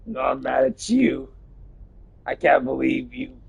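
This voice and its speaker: Gravelly, cursing male game streamer. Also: mid-range voice, expressive, measured pace, darkish tone, highs cut off. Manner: irritable, swears a lot while playing. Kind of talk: casual live gameplay commentary.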